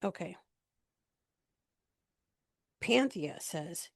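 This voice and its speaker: A woman's voice: fairly low pitch, slow pace, creaky, long pauses, dry recording, studio quality. A woman casually recapping a reality TV episode, retelling the scenes in a chatty way with lots of fillers.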